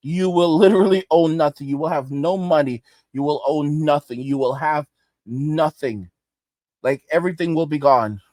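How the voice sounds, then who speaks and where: A man's voice: on the high side, moderate pace, a little mellow, no room sound. A male host delivering an angry, emphatic rant, repeating his points over and over. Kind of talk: ranting commentary.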